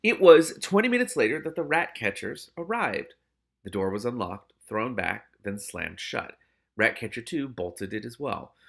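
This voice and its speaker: A man's voice: mid-range voice, big pitch swings, normal speed, creaky. A man reading a novel aloud, often breaking off to react and exclaim. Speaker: reader and commentator.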